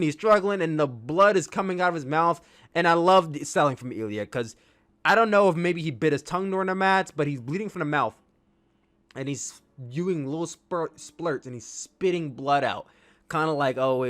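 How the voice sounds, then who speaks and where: A man reviewing a wrestling match on his own channel, talking loosely and enthusiastically, piling up praise and tripping over his words. His voice sits a little high for a man. The recording is close and dry, with no room sound. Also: no echo. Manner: enthusiastic, rambling, excitable outbursts. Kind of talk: casual solo review.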